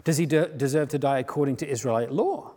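A male preacher talks through a story in a loose, conversational sermon, stopping and restarting as he goes. His voice sits at an ordinary pitch. A long reverb trails after each phrase, as in a big hall. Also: quick pace. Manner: conversational, animated retelling with frequent restarts.

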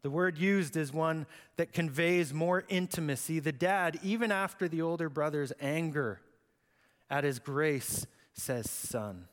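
A man preaching a sermon in an expressive, conversational way. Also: on the high side, a little slow. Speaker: pastor. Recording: echoey hall.

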